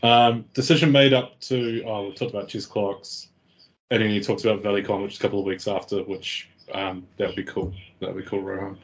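A man's voice: on the low side, flat delivery, a little fast. A man hosting a casual podcast, laid-back and rambling, swearing freely. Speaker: podcast host. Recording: dull lo-fi sound.

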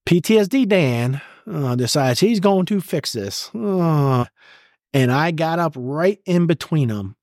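A man's voice: on the high side, animated, a little slow, a little mellow, no room sound, clean studio sound. A middle-aged American man, a retired senior soldier, telling his story bluntly and with plenty of swearing in an interview. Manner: blunt and profane, emotional retelling. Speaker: guest, retired command sergeant major.

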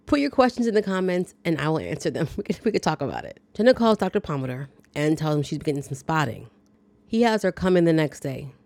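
A woman's voice: sits low, very animated, fast, darkish tone, no echo. A woman podcast host giving a chatty, wry, dryly joking casual recap of a movie. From lives in the American South.

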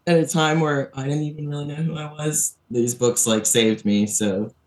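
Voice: mid-range voice, steady tone, moderate pace, darkish tone. Rambling, earnest podcast guest. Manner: rambling, self-correcting, earnest. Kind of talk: casual chat.

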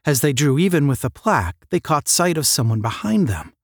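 A man reading a 1950s space-adventure novel aloud as narrator, with measured storytelling. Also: on the high side, very animated, no room sound, studio quality.

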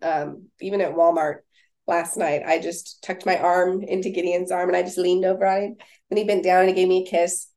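A young woman with a lowish voice and a gravelly edge, co-hosting a casual faith-based chat. She reads scripture aloud, then talks it over with easy fillers. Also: little pitch movement, fairly quick, dark tone. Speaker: podcast co-host.

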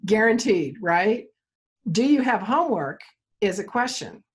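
Husky-voiced woman telling a parenting story. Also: mid-range voice, a little slow. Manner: animated storyteller, acts out quoted dialogue. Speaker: therapist for kids, interview guest. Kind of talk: conversational interview, storytelling.

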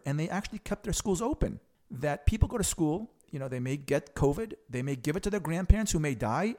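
A man's voice: fairly high pitch, darkish tone. A man giving opinionated political commentary, explaining things frankly to the audience with a sarcastic edge.

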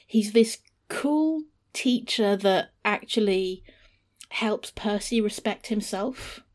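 A woman, co-hosting a casual book discussion in an enthusiastic, expressive way. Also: mid-range voice, slow pace.

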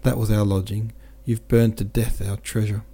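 A man's voice: lowish voice, flat delivery, moderate pace, dark tone, slightly rough. A man reading aloud voices a distraught young servant girl who wails and laments in a storybook reading. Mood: wailing. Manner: lamenting, wailing.

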